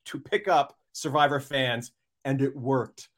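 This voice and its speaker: A man in his thirties, a podcast guest who tells animated, self-deprecating stories in casual chat. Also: mid-range voice, measured pace.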